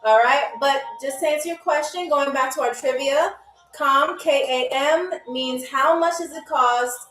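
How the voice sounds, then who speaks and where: A high-pitched young woman hosts a live-stream trivia game, encouraging the viewers in the chat and peppering her talk with "okay?" and "all right?". She sounds roomy and set back from the mic, with faint music underneath. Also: unhurried, fairly bright tone, far from the mic. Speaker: game show host. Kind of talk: live-stream hosting, reading viewer comments.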